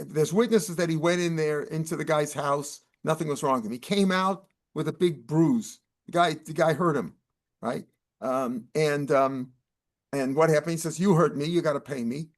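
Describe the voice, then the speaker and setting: An older man, teaching Talmud line by line and translating each Aramaic phrase into casual English. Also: on the high side. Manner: explains Aramaic terms in casual American English, with restarts.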